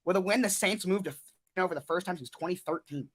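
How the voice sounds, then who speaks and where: A man's voice: high-pitched, fast talker, fairly bright tone, slightly rough. A man co-hosting a casual sports podcast, enthusiastic and earnest, citing statistics. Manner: earnest, stat-heavy, enthusiastic. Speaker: podcast co-host.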